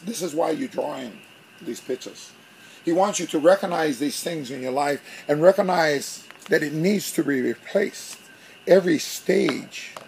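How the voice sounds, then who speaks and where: A pastor preaching a sermon, telling a story with animation and acting out both sides of an argument. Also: male voice, a little high, creaky, a little mellow, slight background noise.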